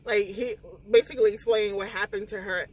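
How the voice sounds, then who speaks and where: A woman, recapping a novel in a casual spoiler vlog, tearful and animated as she acts out the scenes. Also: mid-range voice, brisk, rough recording. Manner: animated, emotional retelling with quoted dialogue. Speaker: book vlogger.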